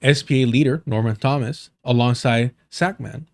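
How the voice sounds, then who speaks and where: A man's voice: mid-range voice, moderate pace, dry recording, clean studio sound. A man hosting a livestream, reading an article aloud and breaking off into profane, joking asides. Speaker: livestream host.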